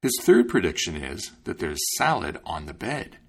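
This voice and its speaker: A man's voice: low voice, huge pitch swings, fairly bright tone, breathy edge, pitched below the performer's own voice, full character voice. Man doing a sly trickster farmer. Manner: sly, deliberate, teasing. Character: sly poor young male farmer, a crafty trickster.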